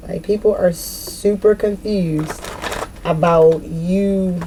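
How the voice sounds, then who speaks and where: A woman's voice: on the low side, fairly even intonation, measured pace, warm tone, slight background noise, rough recording. A woman giving a casual tarot reading straight to her viewers, swearing freely and laughing often. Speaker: tarot reader.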